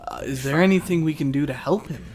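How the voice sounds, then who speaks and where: A man plays his character at the table in a casual way. He is friendly and polite and quick to say sorry. His voice sits a bit high. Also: darkish tone. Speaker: player.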